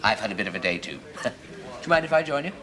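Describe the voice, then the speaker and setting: A man's voice: on the low side, big pitch swings, very fast, a crowd in the background. An actor playing a fussy, chatty pub landlord in a 1970s sitcom, chattering and laughing at his own jokes. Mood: confiding. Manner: chattering, giggling, self-amused. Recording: studio audience laughter.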